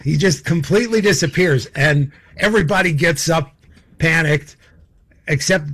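A man's voice: a little high, normal speed, a bit bright. A man telling stories as a guest in a casual chat, rambling with many fillers and laughing as he goes. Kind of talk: casual anecdotal storytelling.

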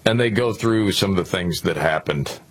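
A man's voice: deep voice, lively intonation, moderate pace. A man co-hosting a political talk radio show, joking sarcastically about the news. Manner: sarcastic, jokey.

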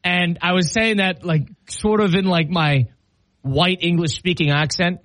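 A man's voice: high-pitched, steady tone, measured pace, a bit bright, dry recording. A man hosting a show, telling a self-mocking story in casual on-air banter and laughing often. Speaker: radio show host.

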